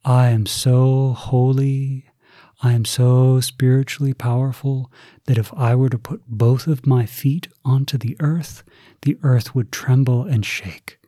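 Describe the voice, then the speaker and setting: A boastful fake holy man who brushes people off curtly, as a preacher puts him on. The voice is dark and husky, with a lift in pitch for the quotes, and sits dry and close. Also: steady tone, measured pace, no room sound, close to an everyday voice. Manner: boastful, then curt and dismissive. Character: boastful fraudulent male ascetic, later grumpy. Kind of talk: storytelling quotes in a Buddhist sermon.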